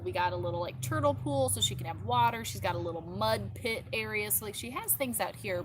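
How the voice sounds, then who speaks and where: A woman's voice: mid-range voice, noisy background. A woman hosting a casual live stream as a mother, chatting and rambling with lots of filler words, outdoors in her yard. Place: outdoors in a backyard.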